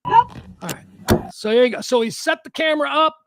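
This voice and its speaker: A man's voice: extremely high pitch, lively intonation, a little fast, heavy background noise. A man hosting a livestream, chatting casually and enthusiastically as he comments on online videos, laughing often. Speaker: livestream host.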